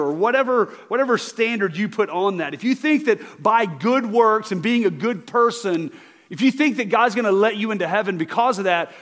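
A high-voiced man preaching in a church. His voice carries a long reverb through the big sanctuary. He talks earnestly and keeps checking in with his listeners. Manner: earnest, repeats words, asks okay to the congregation. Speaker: pastor. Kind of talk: sermon.

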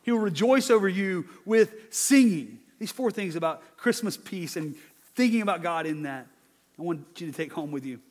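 A man, a father, preaching a sermon in a conversational, animated way, swinging from loud emphasis to hushed asides. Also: high voice, moderate pace, long reverb tail. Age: adult father. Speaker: pastor.

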